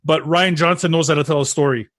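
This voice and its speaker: A man guesting on a podcast who gives frank opinions in a quick, casual way. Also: fairly high pitch, fairly even intonation, a bit bright, no room sound, studio quality. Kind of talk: casual chat.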